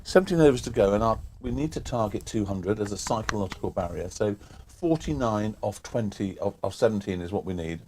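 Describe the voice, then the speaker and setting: Methodical, low-voiced cricket commentator man. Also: expressive, brisk, background noise. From England. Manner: methodical, describes field placings and scores. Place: cricket ground, outdoors.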